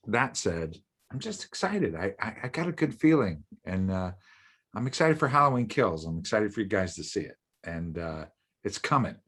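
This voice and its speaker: A man co-hosting a podcast, talking casually and excitably, repeating himself and joking around. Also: low voice. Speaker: podcast co-host.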